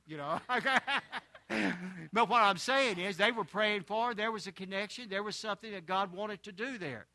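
A man's voice: high-pitched, normal speed, sharp tone, no room sound. An older man preaching, a pastor telling a homespun story in a sermon, with chuckling asides.

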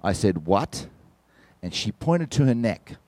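Animated man telling a testimony in a sermon. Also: fairly low pitch, normal speed, no echo. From from outside the United States. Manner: animated storyteller addressing the congregation. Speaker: visiting church musician and speaker.

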